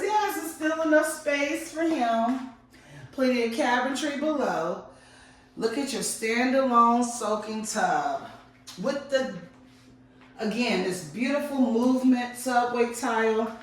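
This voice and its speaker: A woman's voice: sits high, slow pace, far from the mic. A woman giving an enthusiastic walkthrough of a model home, gushing over the details. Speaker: real estate agent giving a home tour. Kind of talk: casual walkthrough tour. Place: model home, walking through rooms. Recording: echoey rooms, voice off-mic.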